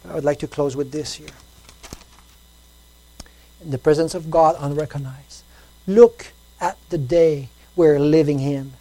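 Woman preaching with lively swings. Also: low-pitched, unhurried, long pauses, no room sound, rough recording. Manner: lively, repeats phrases, storytelling, swings between loud and soft. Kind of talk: sermon.

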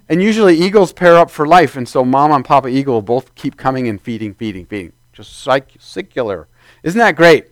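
A man's voice: medium pitch, lively intonation, a little fast, no echo. A man preaching a sermon as pastor, in a conversational way, acting out quoted voices along the way.

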